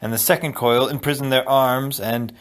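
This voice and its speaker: Man narrating an audiobook expressively. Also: normal speed. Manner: expressive storytelling, dropping low for asides. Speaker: audiobook reader.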